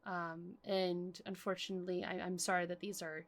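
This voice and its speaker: A woman's voice: on the low side, flat delivery, normal speed, a bit bright, soft background music. Polite, hesitant woman player. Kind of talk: casual in-character role-play.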